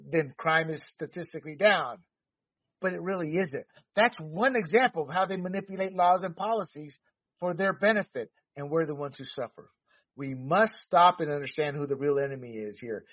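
Ranting about politics with emphatic heat and the odd swear word, a podcast host who grew up in Panama speaks with a fairly high, slightly bright voice. It's a dry, dull lo-fi recording taken from a distance, with no echo.

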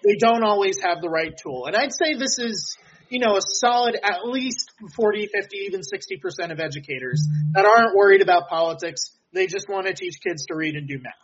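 A young man answering as a guest on a political talk show, explaining in a measured way. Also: sits high, expressive, highs cut off, background noise. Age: young adult. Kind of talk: interview answers.

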